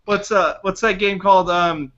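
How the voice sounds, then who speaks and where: A man's voice: high-pitched, fairly even intonation, moderate pace, fairly bright tone. A man co-hosting a gaming podcast, telling rambling stories with laughs in a casual chat. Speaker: podcast co-host. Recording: dull sound with faint noise.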